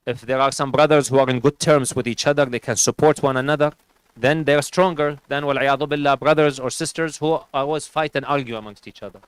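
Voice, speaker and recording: A man's voice: medium pitch, dry recording, rough recording. A man giving a sermon at a community gathering, earnestly advising parents and families and mixing in Arabic religious phrases. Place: community centre hall.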